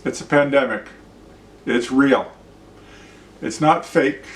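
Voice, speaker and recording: Host, blunt and swearing, mid-pitch, set back from the mic in a roomy space. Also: male voice, slow. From Canada. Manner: blunt, ranting, profane. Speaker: show host. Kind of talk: opinion vlog monologue and demonstration. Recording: roomy sound, mic at a distance.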